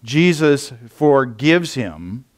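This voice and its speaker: A male pastor preaches a church sermon very slowly, his medium-pitched voice swinging widely in pitch. He speaks conversationally and casually, rambling with lots of fillers and restarts.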